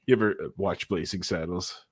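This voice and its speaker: A man with a low voice hosts a casual stream, teasing his co-host and laughing between lines. The sound is close and dry, with no room around it. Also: fairly even intonation, a little fast, slightly rough, no echo. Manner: joking, teasing, laughs often. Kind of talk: casual podcast banter.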